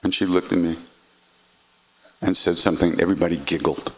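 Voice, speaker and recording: An older man telling a personal story in an animated way, acting out voices and swearing freely. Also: low voice, a little fast. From United States. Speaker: podcast host.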